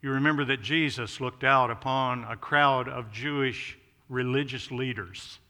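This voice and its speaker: A man's voice: medium pitch, measured pace, pushed and bright. A man preaching an expository sermon, stressing contrasts with rising emphasis. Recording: long hall reverb.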